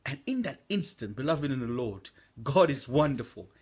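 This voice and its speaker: A man's voice: medium pitch, very animated, normal speed, darkish tone, slightly rough. A young man giving an earnest preaching testimony from home at night, exhorting listeners with fillers. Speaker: church member giving a testimony.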